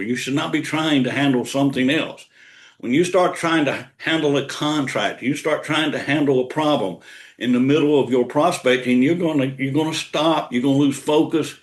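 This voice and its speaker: An older man giving a motivational sales coaching talk, repeating key lines for emphasis. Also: a little high. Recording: roomy echo.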